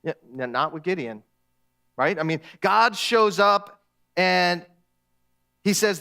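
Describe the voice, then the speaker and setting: A man's voice: sits high, animated, slow, gravelly, long pauses, bright, forceful tone, smooth. A man preaching a sermon as a guest speaker, in a conversational way, acting out the lines he quotes with humor.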